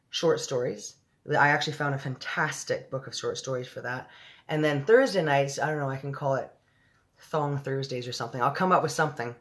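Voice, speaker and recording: A woman hosts a late-night livestream where she reads a book aloud. She chats loosely between passages, swearing casually and slipping in giggly asides. The mood is relaxed and unscripted. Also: deep voice. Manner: chatty, profane, giggly asides. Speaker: storybook reader and livestream host.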